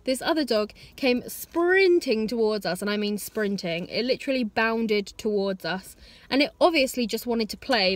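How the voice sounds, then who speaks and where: A woman's voice: a little high, animated, normal speed. A woman in her twenties, vlogging in a rambling, chatty way and scolding her dogs. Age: 20s. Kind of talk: casual vlog chat. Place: outdoors in woods, later at home.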